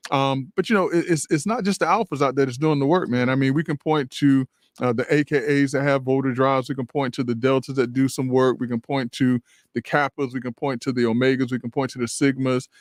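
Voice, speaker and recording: A man's voice: mid-range voice, steady tone, brisk, no room sound, studio quality. A man co-hosting a radio talk show, earnest, restarting often and stacking points in repeated phrases. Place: radio studio.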